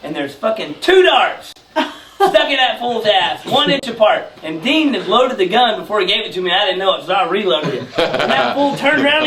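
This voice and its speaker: A man's voice: high voice, quick pace, a crowd in the background. A man telling a rowdy, profane story, laughing as he acts out the people in it. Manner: profane, laughing, animated retelling. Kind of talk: casual storytelling. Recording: roomy, distant mic with faint noise.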